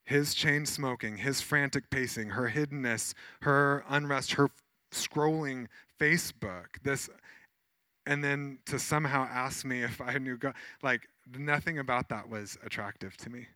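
A man, a pastor, preaching a sermon in a conversational, animated way with many fillers as he tells personal stories. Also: medium pitch, a little slow, dry recording.

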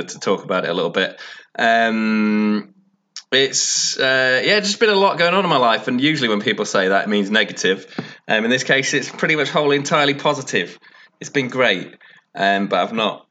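Bright man on a dull laptop mic. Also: fairly low pitch. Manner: rambling and apologetic, many fillers, mild swearing. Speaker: podcast host and editor. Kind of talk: casual solo update. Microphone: laptop built-in mic.

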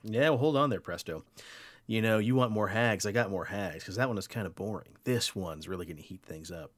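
A man's voice: lowish voice, brisk. A podcast host telling winter folklore tales in a casual, playful way, teasing his co-host.

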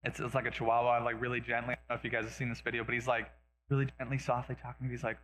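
A male pastor preaching a sermon in a conversational way, with quick asides and self-deprecating jokes. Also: medium pitch, level tone, a bit bright, reverberant, rough recording.

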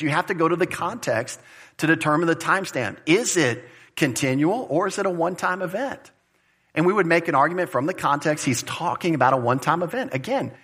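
A man's voice: on the high side, husky. A man preaching an expository sermon in an emphatic, conversational way. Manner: animated, emphatic, conversational preaching with Greek word study. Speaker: pastor.

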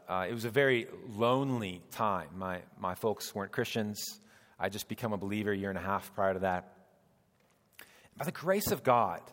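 A man in his thirties preaching a sermon as pastor, earnest and emphatic, using rhetorical questions. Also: mid-range voice. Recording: long church reverb.

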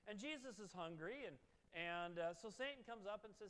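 A man's voice: high-pitched, animated, moderate pace, a bit bright. A man giving a sermon in a conversational, joking way, with asides to his listeners. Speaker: preacher. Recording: long reverb of a large hall.

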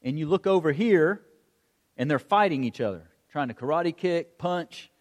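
A middle-aged man preaching a sermon, telling stories in an animated way and acting out the calls of a coach. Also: fairly high pitch, normal speed. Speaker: pastor. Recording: long hall reverb.

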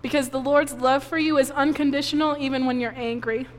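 A woman pastor preaching a sermon, giving an emotional personal testimony while crying softly. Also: high voice, fairly even intonation, brisk. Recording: long reverb of a hall.

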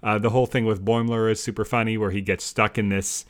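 A man's voice: on the low side, flat delivery, fast. A man co-hosting a podcast, chatting casually and rambling through an episode with lots of restarts, often asking his co-host questions.

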